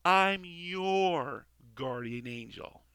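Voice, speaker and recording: A man reading a comic part, voicing a brash, sarcastic male guardian angel who breaks into high screams. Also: lively intonation, extremely slow, sharp tone, clean tone, dry recording, exaggerated voice.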